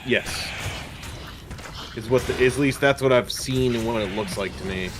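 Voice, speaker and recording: Easygoing guy chatting while gaming, mid pitch, faint hiss in the background. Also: moderate pace. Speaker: co-op game partner. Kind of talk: casual gameplay chat.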